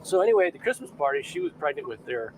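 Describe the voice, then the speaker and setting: A man in casual talk, telling stories with a lively voice that rises and falls widely. He is recorded outdoors by a dock, with faint traffic noise behind him. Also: a little high, racing, low-quality recording. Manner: animated, acts out quoted voices. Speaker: chef. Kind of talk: casual storytelling chat.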